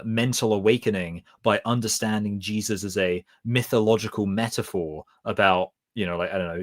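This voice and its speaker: Man, Southeast English accent, fairly low voice, rambling live-stream commentary, chatty and quick to laugh. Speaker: streamer reacting to a debate video.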